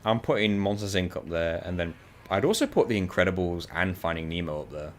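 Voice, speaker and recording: A man's voice: low-pitched, brisk, a little hiss or hum. A man chatting casually while playing a co-op video game, telling stories animatedly and laughing often. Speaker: co-op gaming channel host.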